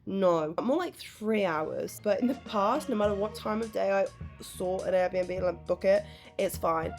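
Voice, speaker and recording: A young woman chatting candidly to camera in a travel vlog, hoarse from a cold and self-mocking. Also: mid-range voice, measured pace, faint music behind. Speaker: travel vlogger. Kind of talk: casual vlog chat to camera.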